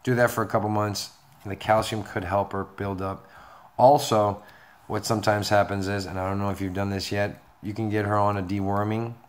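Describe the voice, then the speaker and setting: Low-voiced chatty man giving pet advice. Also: level tone, a little fast. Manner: chatty, rambling, reassuring advice. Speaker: reptile keeper answering viewer questions. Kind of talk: casual Q&A video.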